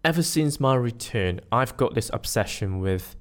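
A Malaysian man hosts a scripted solo podcast in a medium-pitched, animated voice at normal speed, with faint music behind him. He's playful and self-mocking, joking at his own expense while drilling pronunciation.

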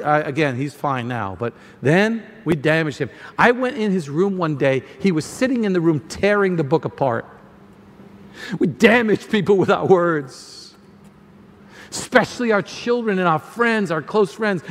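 A man preaching a sermon in a church, animated, acting out complaints in quoted voices, tearful at times. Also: sits high. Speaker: pastor. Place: church hall. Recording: hall reverb.

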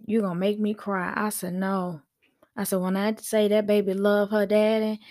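A woman hosting a casual podcast, telling stories animatedly, laughing often and acting out quotes. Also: mid-range voice. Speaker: podcast host. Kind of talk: casual storytelling monologue.

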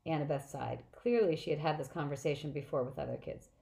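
A woman narrates a novel in the first person, steady and plain in her delivery. Her voice sits low, and small slips stay in the reading. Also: fast talker, creaky, hardly any pauses, rough recording. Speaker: audiobook reader.

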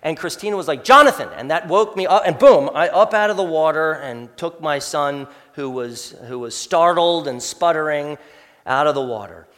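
A man's voice: fairly high pitch, moderate pace. A man preaching a sermon as pastor, talking conversationally and often addressing listeners as folks. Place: church sanctuary. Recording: long hall reverb.

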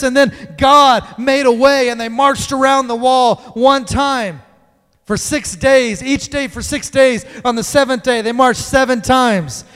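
A man with a high voice preaches a sermon. He swings from loud, emphatic lines to hushed ones. His voice trails off into a long reverb in a church hall. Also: clean tone.

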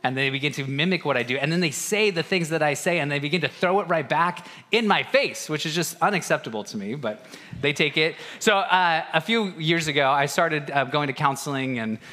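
A man's voice: fairly high pitch, animated, brisk, sharp tone. A man in his thirties, a pastor giving a casual, self-deprecating sermon with family stories. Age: 30s. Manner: conversational, self-deprecating, acts out family dialogue. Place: church auditorium. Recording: long hall reverb.

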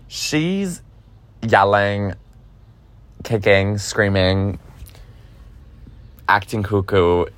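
A man in his twenties casually telling a personal story, animated, full of fillers and swearing, acting out what people said. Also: lowish voice, slow, long pauses. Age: 20s. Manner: animated, lots of fillers and swearing, acts out quotes. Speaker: vlogger.

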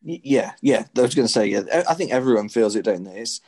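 A man chats easily with a friend, at an everyday mid-range pitch. He often trips over the start of a sentence and restarts it. Small chuckles run through his talk. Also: lively intonation, quick pace, darkish tone. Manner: hesitant restarts, chuckling asides. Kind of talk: casual chat.

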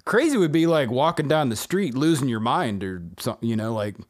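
A man co-hosting a podcast in casual chat, laid-back and teasing, calmly talking his friend down. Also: medium pitch, fairly quick. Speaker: podcast co-host.

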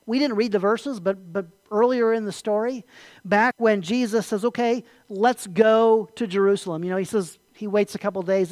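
A pastor preaching a sermon, asking rhetorical questions and swinging between hushed and loud delivery. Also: medium pitch, no room sound.

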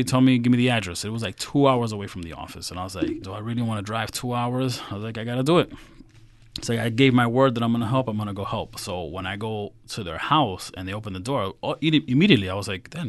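With no echo on the recording, a lowish-voiced middle-aged man tells stories in a casual interview. He's a Queens, New York financial advisor who gets animated and acts out what people said.

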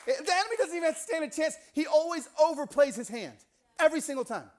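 A middle-aged man preaching with a lively, swinging pitch. His voice jumps up and down as he acts out the people in his story. He is a pastor at the pulpit, animated and expressive. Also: quick pace, a faint crowd. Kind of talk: sermon with storytelling.

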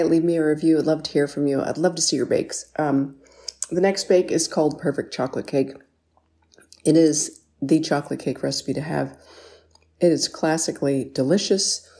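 Woman, baking host, casual kitchen chat, enthusiastic, low pitch, warm mellow tone. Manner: chatty and enthusiastic, many ums and mms. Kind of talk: casual cooking vlog. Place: home kitchen.

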